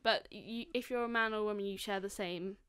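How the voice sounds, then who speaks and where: A woman's voice: medium pitch, fairly even intonation, fairly quick, fairly bright tone, smooth, dry recording, clean studio sound. A young woman co-hosting a casual podcast chat, telling stories and acting out what people said. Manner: chatty storytelling, acting out quotes. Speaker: podcast co-host.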